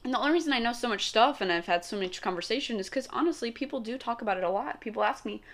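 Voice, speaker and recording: A woman's voice: fairly high pitch, lively intonation, racing. A young woman talking casually to the camera in a rambling, chatty monologue, laughing often. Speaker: vlogger.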